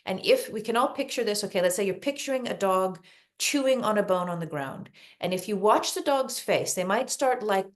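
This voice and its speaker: A woman talking as a dog behavior expert guest on a podcast, calm and explanatory, often repeating words for emphasis. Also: medium pitch, fairly quick. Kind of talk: podcast interview advice.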